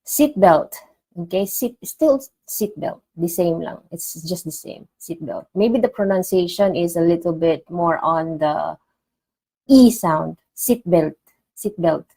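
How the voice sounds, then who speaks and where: A woman gives a relaxed online language lesson and says each new word several times so learners can follow. She speaks at an unhurried, careful pace in a fairly low voice. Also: rough recording. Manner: repeats each word slowly and clearly for learners. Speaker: language teacher.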